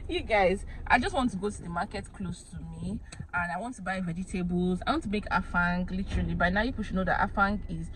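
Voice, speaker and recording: A woman's voice: medium pitch, lively intonation, moderate pace, low-quality recording. A woman, chatting casually to camera and coaxing her children in a family vlog. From Nigeria. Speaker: vlogger and mother. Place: home, then a busy outdoor market. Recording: loud crowd chatter behind.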